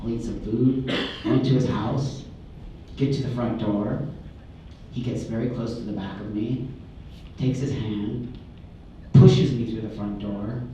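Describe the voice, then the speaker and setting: Middle-aged man, candid animated storyteller addressing a crowd; distant mic, very roomy hall. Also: on the low side, a little hiss or hum. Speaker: speaker. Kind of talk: personal story told to an audience. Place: large room before an audience. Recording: echoey hall from far off.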